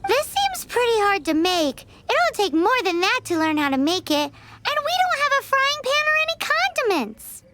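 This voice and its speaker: Paimon, a squeaky little creature. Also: female voice, sing-song, normal speed, heavy background noise. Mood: playful. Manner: refers to herself by name, squeaky and indignant. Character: tiny floating female companion creature, chirpy and food-loving. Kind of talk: game cutscene voice acting. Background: game music.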